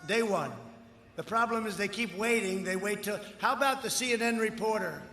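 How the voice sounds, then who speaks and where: Male rally speaker, high and bright, boastful and repetitive, often shouting; echoing outdoor loudspeaker sound. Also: normal speed, slight background noise. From United States. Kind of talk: campaign rally speech. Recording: echoey rally sound with long reverb and faint ambience.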